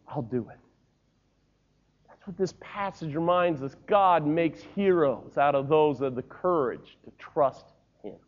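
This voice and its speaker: A man preaching a sermon, telling stories with lively voiced characters and rising to shouts. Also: high-pitched. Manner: animated storytelling, voicing characters, rising to shouts. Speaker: pastor. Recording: dull lo-fi sermon recording.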